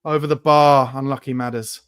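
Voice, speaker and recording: With a mid-range, clean voice, a steady tone and a brisk pace, this host leads a live fan watchalong. He gives match commentary and furious, expletive-filled rants about his team, shouting in bursts.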